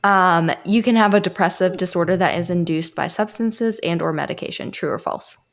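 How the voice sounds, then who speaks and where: A woman's voice: on the low side, a little fast. A woman co-hosting a casual therapy podcast, reading listener answers aloud and laughing often. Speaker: psychologist podcast co-host. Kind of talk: casual group podcast chat.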